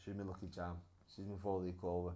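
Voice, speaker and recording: Man, fighter guest; low, mellow, quick earnest chat with swearing. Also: completely flat delivery. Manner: earnest, swears freely, repeats himself. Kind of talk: casual podcast chat.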